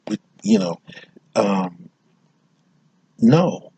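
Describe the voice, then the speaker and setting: An American man speaks in a deep, very husky, breathy voice. His talk is unscripted and emphatic, with frequent restarts and repeated phrases as he builds his point. The sound is close and dry. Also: expressive, extremely slow, darkish tone, no room sound. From United States. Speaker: speaker on social issues. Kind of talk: unscripted spoken commentary.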